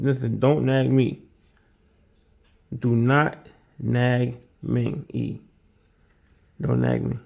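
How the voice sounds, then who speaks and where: Gravelly-voiced man bantering with his chat. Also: mid-range voice, dark tone. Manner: rambling, repeats himself, banters with chat. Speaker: streamer baking on camera. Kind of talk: casual live-stream chat with viewers.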